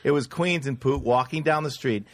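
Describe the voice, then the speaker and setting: A man in a casual chat, telling blunt stories, swearing freely and building up to loud punchlines. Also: mid-range voice, moderate pace, no echo.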